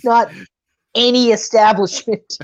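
A woman's voice: a little high, fairly even intonation, slow pace. A woman in casual chat who laughs often, swears freely and acts out lines from scenes. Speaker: movie fan chatting with a friend. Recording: slightly dull lo-fi recording.

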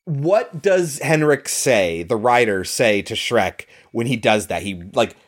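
A man co-hosting a casual film discussion, talking in a relaxed, loose way with plenty of fillers. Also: medium pitch, slow. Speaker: podcast co-host.

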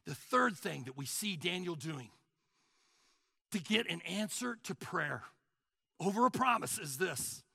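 A man in his sixties preaching a sermon, animated, acting out mock prayers and dialogue. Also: high-pitched, a little slow, creaky, long pauses, breathy edge, no room sound, clean studio sound. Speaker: pastor.

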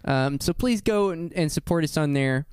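A man's voice: a little high, normal speed, a little mellow, clean tone, no echo. A man hosting a podcast, talking loosely and rambling, laughing often. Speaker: podcast host. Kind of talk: casual podcast chat.

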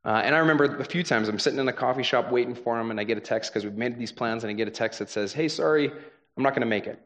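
A man's voice: medium pitch, steady tone, rapid-fire, a bit bright. A young adult man preaching a sermon as a pastor, talking in a conversational, earnest way with frequent "right?" asides.

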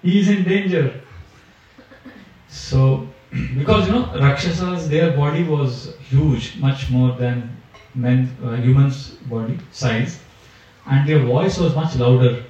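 A man, a spiritual teacher, telling a scripture story at a retreat in an animated way, recorded from a distant mic in a large echoey hall. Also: mid-range voice, slow pace, muffled recording. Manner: animated storyteller, acting out characters.

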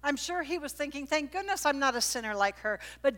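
A bright, clear-toned woman preaching to a congregation, her voice carrying through a large reverberant church hall. She is middle-aged and tells her stories with lively, animated energy. Her voice sits a little high. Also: moderate pace, hardly any pauses. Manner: animated storytelling, voice leaps up at high points. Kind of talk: sermon with personal story.

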